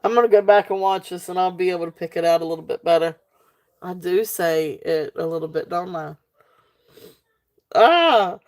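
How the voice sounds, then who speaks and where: A woman's voice: fairly low pitch, normal speed, darkish tone. A woman with a Southern US accent hosting a live sale, chatting casually with many ums and frequent giggles. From Southern United States. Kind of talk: casual live-stream selling.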